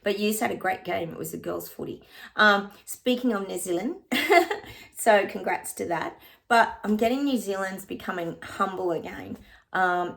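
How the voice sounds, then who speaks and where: A woman giving a casual psychic reading, chatting to her viewers as "guys" and breaking into bits of song. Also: mid-range voice. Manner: breaks into short bits of song and laughs often.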